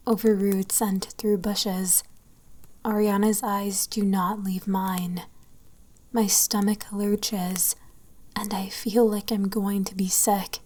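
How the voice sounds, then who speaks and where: A woman narrating a horror story, often dropping to a hushed whisper. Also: medium pitch. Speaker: story reader.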